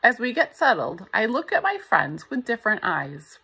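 A woman reading a novel aloud in the first person, in a steady storytelling manner. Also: fairly high pitch, moderate pace, vocal fry, slightly rough, rough recording. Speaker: audiobook narrator.

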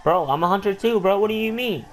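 A man giving casual gameplay commentary, excitable and slangy, talking back to the game's characters. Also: high voice, fast, vocal fry, a little hiss or hum. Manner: excitable, talks to the game characters, says "bro" constantly. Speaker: gamer. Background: game music.

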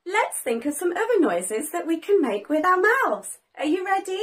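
A woman presenting a toddler learning video as a children's teacher, talking in an exaggerated, sing-song way with excited gasps and praise. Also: extremely high pitch, normal speed, hardly any pauses.

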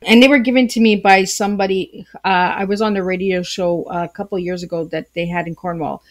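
A woman's voice: medium pitch, steady tone, brisk. A woman from Canada, a podcast guest speaking on a video call from her tea room at home, chatty and rambling in a playful way. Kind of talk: casual interview conversation.

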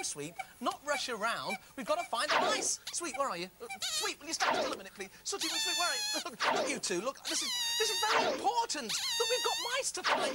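A man presenting a children's TV puppet comedy, excitable and laughing often. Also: very high voice, very noisy, heavily acted.

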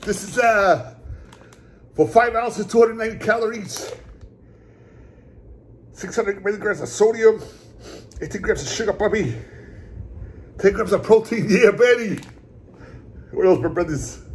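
A man filming a casual cooking and tasting vlog on his phone in a home kitchen. He is excitable and laughs often, and keeps calling his viewers brothers and puppy. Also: sits high. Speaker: food vlogger. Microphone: phone camera. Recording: noisy kitchen with frying. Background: food frying.

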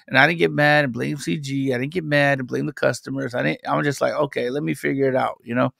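A man's voice: medium pitch, steady tone, quick pace, vocal fry, a bit bright, no room sound, studio quality. A man who is a guest on a podcast, an independent comic creator chatting casually and telling long, rambling stories. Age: adult parent. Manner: rambling storyteller, loose and conversational. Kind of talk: casual chat.

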